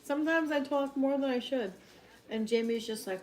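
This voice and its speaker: A woman with a somewhat high voice, chatting playfully as a stream co-host. She is talkative and teasing, with a sassy edge. A faint hiss runs behind her. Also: normal speed, darkish tone, low-quality recording. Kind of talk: casual live-stream chat.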